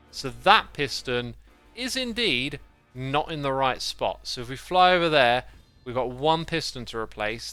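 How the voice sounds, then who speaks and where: A man's voice: medium pitch, sharp tone. A man talking casually to his livestream chat while playing a game, thinking aloud and rambling. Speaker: game streamer. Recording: faint background music.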